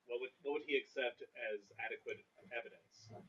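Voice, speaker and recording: A man playing in a tabletop game, speaking in a formal, measured way as his character. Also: medium pitch, fairly bright tone. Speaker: player. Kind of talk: in-character negotiation. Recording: distant, dull mic with faint noise.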